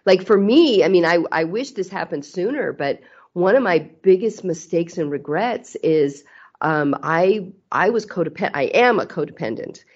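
A woman's voice: on the low side, lively intonation, normal speed, darkish tone. A middle-aged woman talking candidly as a guest in a casual interview, earnest and often restarting her sentences. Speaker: podcast guest. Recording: slightly muffled audio.

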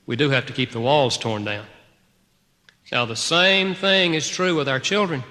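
A man preaching a sermon to a congregation, telling a personal story in an animated way, swinging between loud outbursts and hushed, quiet passages. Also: mid-range voice, normal speed, long reverb tail. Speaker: pastor.

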